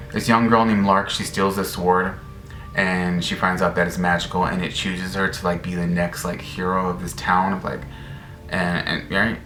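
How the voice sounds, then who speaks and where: A man casually chatting to camera about upcoming books, rambling and excited, full of fillers and restarts. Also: sits low. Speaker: book vlogger. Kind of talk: casual book chat to camera. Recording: echoey room, faint background noise.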